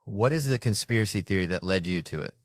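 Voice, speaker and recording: A man hosting a talk show, asking brisk questions and reading plugs with wry asides. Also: fairly low pitch, lively intonation, no room sound, clean studio sound.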